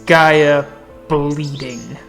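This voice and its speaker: A man doing a grave, halting bear shifter. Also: fairly high pitch, fairly even intonation, vocal fry, fairly bright tone, soft background music, exaggerated voice. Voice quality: halting broken speech, slow and grave. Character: wounded old bear spirit shifter, solemn and terse.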